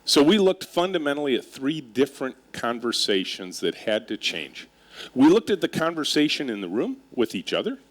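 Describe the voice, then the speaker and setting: Before a live audience, a middle-aged company leader delivers a humorous keynote in a mid-range voice at a moderate pace. He tells animated stories with wry, self-mocking humor, engaging listeners through questions.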